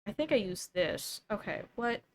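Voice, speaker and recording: A woman's voice: mid-range voice, expressive, normal speed, a little hiss or hum. A young woman streamer chatting casually while she draws, thinking aloud and doubting herself as she goes. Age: young adult.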